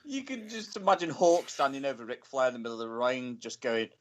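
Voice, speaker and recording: A man's voice: mid-range voice, a little fast, slight background noise. A man co-hosting a casual wrestling podcast chat, exasperated and laughing, often groaning "oh dear". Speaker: podcast co-host. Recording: dull lo-fi sound.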